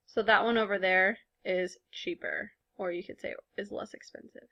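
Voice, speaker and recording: A woman's voice: medium pitch, fairly even intonation, normal speed, few pauses, a bit bright, dull audio. A woman teaching a recorded language lesson in a patient, explanatory way, speaking with casual fillers. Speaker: Spanish teacher.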